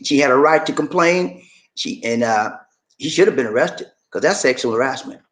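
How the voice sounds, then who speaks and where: A man's voice: medium pitch, lively intonation, normal speed, fairly bright tone, low-quality recording. A man talks loosely to his livestream viewers and keeps calling them y'all. His voice moves a lot, rising and falling as he talks. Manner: chatty, addresses viewers as y'all. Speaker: livestream host. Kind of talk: casual livestream talk.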